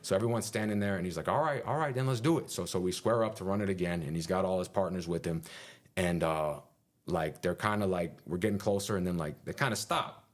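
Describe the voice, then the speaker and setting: A man in a casual interview, telling a story with animated energy, lots of fillers and punchy "boom" sound effects, and casual swearing. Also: a little fast. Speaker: interview guest.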